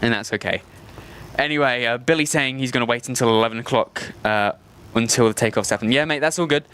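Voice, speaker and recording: A man's voice: medium pitch, fast, fairly bright tone, clear, resonant tone. An Australian man hosting a live stream outdoors, chatting casually, rambling and joking at his own expense. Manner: rambling and self-mocking, often laughing. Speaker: host of a live plane-spotting stream. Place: outdoors at an airport.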